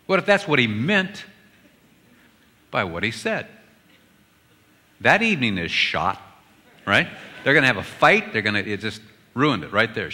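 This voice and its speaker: A man at mid pitch preaches with a bright, forward tone. He tells humorous stories and slips into the voices of a husband and wife. His words echo through a large, reverberant church. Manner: humorous storytelling, voices both spouses. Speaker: guest speaker. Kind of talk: sermon. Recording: hall reverb from the sanctuary.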